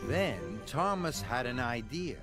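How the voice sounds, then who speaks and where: A man narrating a children's story in an expressive storybook style. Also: medium pitch. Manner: slow, expressive. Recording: music bed underneath. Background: music.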